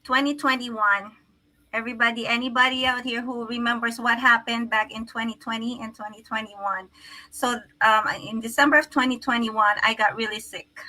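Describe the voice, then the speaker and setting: A woman's voice: fairly high pitch, fairly even intonation, normal speed, bright, forceful tone, poor audio. A middle-aged woman, a physical therapist, telling her story earnestly in an interview, with frequent restarts. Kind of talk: conversational interview.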